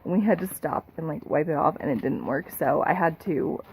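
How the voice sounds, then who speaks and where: A woman's voice: deep voice, animated, fairly quick, a little hiss or hum, poor audio. A woman chatting casually in a vacation vlog, bubbly and full of "little" and "like", touring a small cabin. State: morning voice. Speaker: vlogger.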